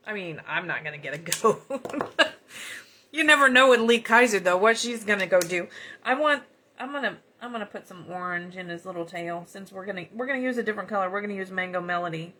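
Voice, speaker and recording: With a sharp tone, lively intonation, and a fast, mid-range delivery, a Southern-accented American woman keeps up folksy chatter. She demonstrates card-making live, talking the whole time she works in a casual crafting chat.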